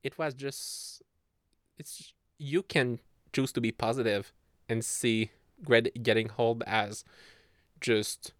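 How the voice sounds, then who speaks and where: This solo podcast host, a man in his twenties, takes it slowly in a medium-pitched voice. His chat is casual and rambling, punctuated by frequent giggles mid-sentence, and the clean studio sound has no echo.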